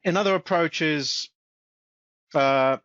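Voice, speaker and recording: A man with a slightly high voice talks through a casual instructional webinar. He often trips over his words and restarts, and he drops into a flat tone for quoted examples. The recording is dry and a little dull. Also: takes it slowly, clean tone, no echo. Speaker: webinar presenter.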